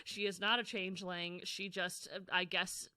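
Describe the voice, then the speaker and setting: A woman's voice: lowish voice, fairly even intonation, normal speed, sharp tone, no echo, studio quality. A woman co-hosting a podcast, explaining things in a casual way and laughing easily. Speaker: podcast co-host.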